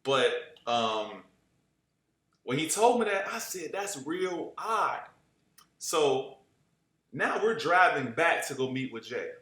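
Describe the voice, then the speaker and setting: A man's voice: medium pitch, slow. A young man telling a casual, profane story and acting out the people he quotes. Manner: animated, acts out quoted voices, profane street slang. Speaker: storyteller guest. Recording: roomy echo.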